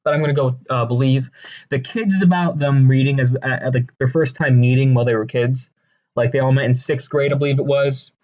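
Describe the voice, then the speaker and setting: A man giving casual, rambling commentary with a deadpan delivery, crude jokes and many fillers and restarts. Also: medium pitch, a little fast, lo-fi sound. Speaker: video creator ranking songs.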